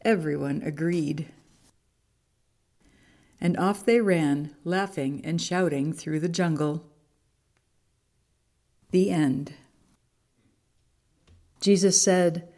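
A woman reading a children's picture book aloud in a church service, expressive storytelling. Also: low-pitched, extremely slow, long pauses.

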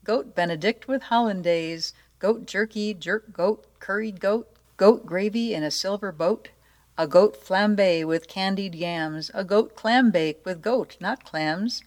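A woman's voice: medium pitch, takes it slowly, a little mellow, close to an everyday voice. Woman doing a boastful greedy troll. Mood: gleeful. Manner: gleeful, theatrical sing-song boasting. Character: boastful greedy silly male bridge troll. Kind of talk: storybook read-aloud.

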